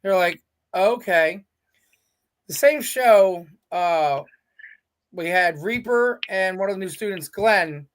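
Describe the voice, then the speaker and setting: High-voiced man telling lively stories. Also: takes it slowly, pauses often. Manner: animated storyteller, quotes people in their own voices. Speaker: guest, veteran indie pro wrestler. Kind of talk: casual storytelling interview.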